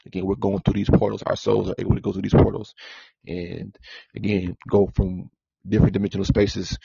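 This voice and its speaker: Gravelly deep man, rambling podcast monologue. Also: warm tone, dry recording. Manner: repetitive, circling back with "again". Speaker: podcast host. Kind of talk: spiritual talk monologue. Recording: dull lo-fi sound.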